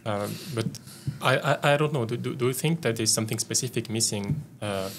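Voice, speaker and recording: A man, from France, hosting a podcast and asking questions in a hesitant way with many pauses. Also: mid-range voice, noisy background. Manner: hesitant, many fillers and restarts. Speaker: podcast host. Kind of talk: casual interview questions.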